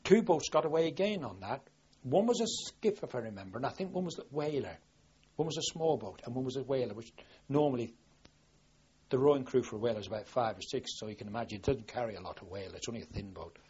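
Speaking fast in a mid-range voice, an older man who served in the navy rambles through his war memories for an oral history, full of restarts and quoted dialogue that livens him up. The audio is dull, with a little hiss or hum.

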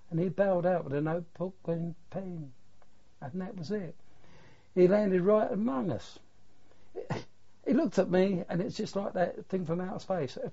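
A husky, high-voiced older man with a dark tone, this war veteran speaks plainly and earthily, with some mild swearing, as he gives an oral history recollection. The recording is lo-fi and dull.

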